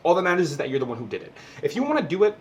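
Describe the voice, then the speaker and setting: A man's voice: on the high side, very animated, racing, a little hiss or hum. Impassioned young man, swearing freely. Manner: impassioned and emotional, swears freely, stumbles over repeated words. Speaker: vlogger. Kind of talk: heartfelt personal monologue.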